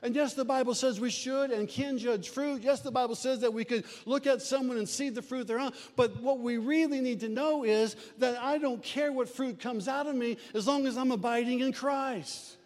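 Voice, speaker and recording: Man, midwestern roots, folksy conversational preacher; very high pitch, long hall reverb. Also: moderate pace, few pauses, darkish tone. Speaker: pastor. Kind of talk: sermon.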